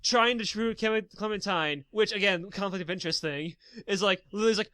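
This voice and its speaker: Casting: man, podcast co-host, high voice, swears a lot, heated rants, dry close mic. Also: animated, a little fast, hardly any pauses, pushed and bright, no room sound. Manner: profane, ranting, heated storytelling. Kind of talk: casual gaming podcast chat.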